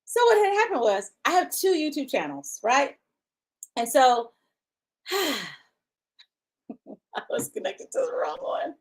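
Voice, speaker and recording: A woman's voice: fairly high pitch, sing-song, normal speed, long pauses. A woman hosting a live online talk show, chatting casually and laughing with her viewers. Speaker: host. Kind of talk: casual livestream chat.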